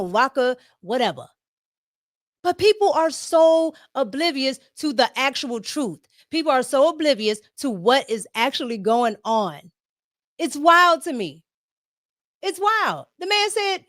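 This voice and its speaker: A woman's voice: high voice, fairly bright tone, dry recording, studio quality. A woman hosting a casual political livestream, talking emphatically, repeating herself and tagging her points with "okay?". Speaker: political commentary host.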